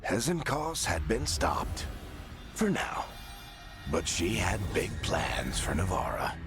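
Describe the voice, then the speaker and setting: An actor playing a brooding male storyteller who narrates a game recap in a slow, dramatic way, at times dropping to a whisper. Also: sits low, wildly swooping pitch, full character voice. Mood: ominous. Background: loud game music.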